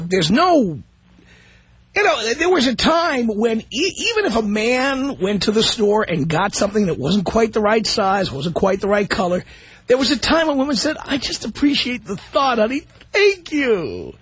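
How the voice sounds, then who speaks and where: A man's voice: high-pitched, sing-song, normal speed, a bit bright, husky. A man hosting a radio talk show, blunt and combative, arguing his opinions with callers. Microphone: studio microphone.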